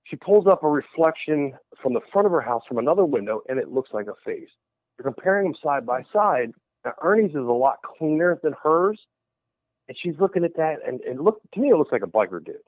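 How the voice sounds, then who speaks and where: A man's voice: on the high side, brisk, dry recording. A man who is a paranormal investigator tells a story in a radio interview, acting out the other people's voices as he goes. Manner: animated storyteller who acts out quoted voices. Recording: tinny phone line, dry.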